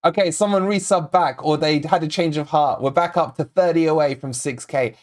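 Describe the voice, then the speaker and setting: Scottish-born guy hosting a football watch-along stream, chatty and excitable, reading out chat, slightly high voice. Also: moderate pace. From Scotland. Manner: chatty, reads out chat names and predictions, excitable. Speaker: fan channel host.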